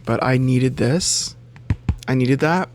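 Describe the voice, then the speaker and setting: A man chatting casually to camera about books, animated and loose, swearing freely and jumping up in pitch for emphasis. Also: takes it slowly. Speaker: bookseller and book vlogger.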